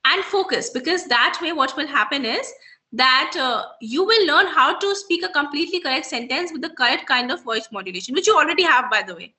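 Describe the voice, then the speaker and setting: A woman's voice: high voice, lively intonation, a little fast, sharp tone. A woman English tutor giving encouraging, corrective instructions to a student over a video call. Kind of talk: online tutoring session.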